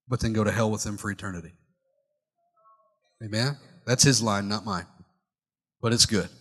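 Bright-voiced pastor preaching in a reverberant church. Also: male voice, mid-range voice, slightly rough. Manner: conversational, questions the congregation directly; wry asides and humor. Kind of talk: sermon. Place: church sanctuary. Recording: long hall reverb from church sanctuary.

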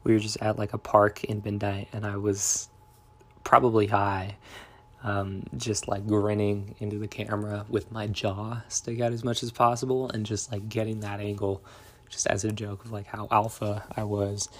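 Low, flat-voiced young man musing. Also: moderate pace. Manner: reflective, meandering, soft-spoken. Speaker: vlogger. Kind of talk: confessional diary vlog.

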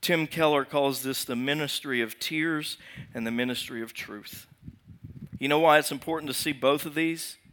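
A male pastor preaching with a bright, forceful tone sitting a little above the usual male pitch. He asks the congregation rhetorical questions. He moves between raised emphasis and quiet, drawn-out phrases. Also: steady tone. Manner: swings from raised emphasis to hushed, slow delivery. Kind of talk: sermon.

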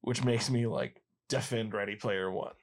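A man's voice: on the low side, moderate pace. Chatty man in his late twenties. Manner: chatty, laughing, acts out quotes in funny voices. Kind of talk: casual movie chat.

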